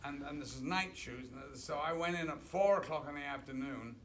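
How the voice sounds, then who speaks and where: An older man, a guest actor on a film panel, telling animated anecdotes at a screening Q&A and laughing through them. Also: fairly high pitch, brisk. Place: cinema auditorium. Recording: loud background noise and clicks.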